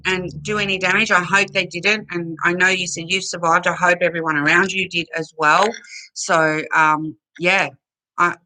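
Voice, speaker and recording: A woman chats unhurriedly on a home livestream, reading out comments and thanking her viewers. Her voice is bright and clear, and she takes her time with each thought, often emotional and close to tears. She talks into a computer mic. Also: on the low side, rough recording. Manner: chatty, warm thanks to viewers, emotional and tearful at times. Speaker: livestream host reading chat. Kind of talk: casual live chat.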